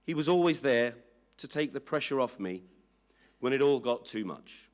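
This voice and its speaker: A man slowly and solemnly reading a family statement aloud at a public inquiry hearing. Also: medium pitch, lively intonation. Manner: slow, measured, solemn reading.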